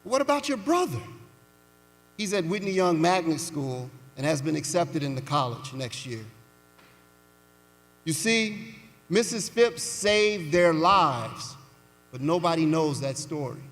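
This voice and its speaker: A man giving a commencement speech, telling a story slowly and deliberately with pauses for weight, in a large indoor arena. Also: on the high side. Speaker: commencement speaker. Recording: reverberant arena sound.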